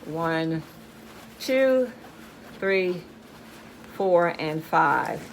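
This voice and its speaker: A woman's voice: sits low, animated, extremely slow, a little hiss or hum. Chatty woman showing off a haul. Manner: chatty, enthusiastic, says "y'all" often. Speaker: haul vlogger. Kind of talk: casual show-and-tell chat.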